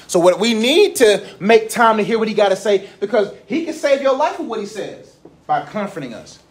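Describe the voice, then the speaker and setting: A young man preaching a sermon in a conversational way, telling stories with slang and swinging between loud passages and low, quiet ones. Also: sing-song, moderate pace. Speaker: pastor.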